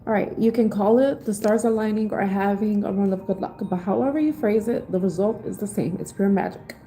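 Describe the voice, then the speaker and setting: Mellow woman giving a live tarot reading. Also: mid-range voice, a little fast, a little hiss or hum, low-quality recording. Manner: casual, heartfelt, spiritual encouragement; reads aloud from an oracle book, then explains in her own words. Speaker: tarot reader.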